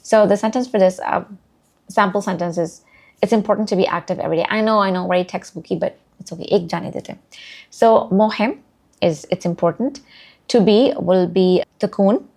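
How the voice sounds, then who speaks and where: Woman, Urdu speaker, casual language lesson, slow repeated words, mid pitch. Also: darkish tone. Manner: chatty, self-deprecating, repeats words slowly. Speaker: language learner teaching vocabulary.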